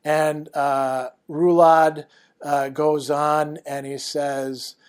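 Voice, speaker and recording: Male lecturer, online class; hesitant, filler-heavy, a bit high-pitched. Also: little pitch movement, drawn-out words, clean tone. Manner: hesitant, many fillers, thinking aloud.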